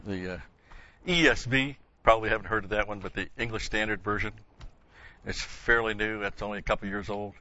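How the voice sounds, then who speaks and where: A man's voice: fairly low pitch, steady tone, brisk, sharp tone, lo-fi sound. A man teaching an informal Bible class, talking in a rambling, conversational way with folksy asides.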